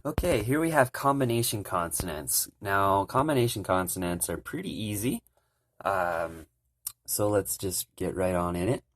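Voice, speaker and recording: A young man giving a relaxed, casual language lesson, calmly explaining pronunciation. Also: low-pitched, dry recording, clean studio sound. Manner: relaxed, repeats sounds slowly and loudly to demonstrate. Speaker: language teacher.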